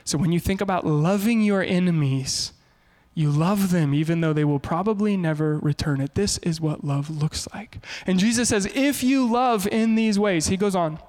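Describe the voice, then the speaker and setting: Brief: pastor in his thirties, high voice, lively humorous preaching. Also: normal speed. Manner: animated, humorous storytelling. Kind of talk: sermon.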